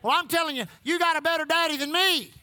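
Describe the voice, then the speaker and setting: A man's voice: very high voice, fast, sharp tone, no room sound. A middle-aged man preaching a sermon, telling folksy stories and calling out to the congregation. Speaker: pastor.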